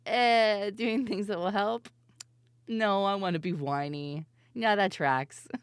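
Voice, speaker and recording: A woman's voice: mid-range voice, slight background noise. A young adult woman streamer chatting casually and rambling through stories, giggling often and mimicking voices as she tells them.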